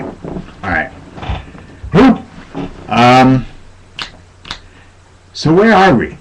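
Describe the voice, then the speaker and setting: A man's voice: mid-range voice, huge pitch swings, very slow, long pauses, a little hiss or hum. A man hosting a casual live stream, joking and talking to himself.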